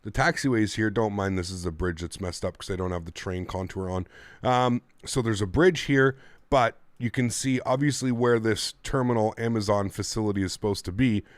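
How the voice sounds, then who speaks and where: A man's voice: lowish voice, fairly quick, dry recording. A man streaming a flight simulator, chatting casually and thanking his viewers in a friendly way. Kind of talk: casual livestream commentary.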